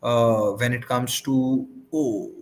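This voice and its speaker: A man giving measured, explanatory cricket analysis on a live watchalong. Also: medium pitch, steady tone, darkish tone, slight background noise.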